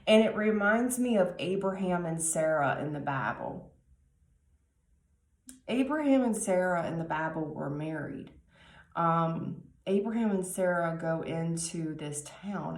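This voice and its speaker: A woman giving a tarot reading, talking slowly and musingly with many pauses and restarts. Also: on the low side, reverberant. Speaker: tarot reader.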